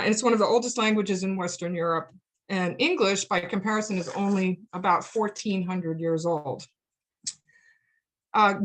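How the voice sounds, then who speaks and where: A woman's voice: mid-range voice, fairly bright tone. A woman giving a friendly, explanatory lecture in a virtual presentation, over a computer microphone. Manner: friendly, explanatory, with frequent ums.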